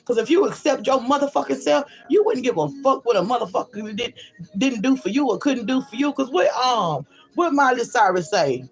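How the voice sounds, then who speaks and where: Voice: mid-range voice, expressive, fairly quick, soft background music, poor audio. A spiritual reader giving a blunt, profane and emphatic pep talk to viewers, often checking in with "you feel me?".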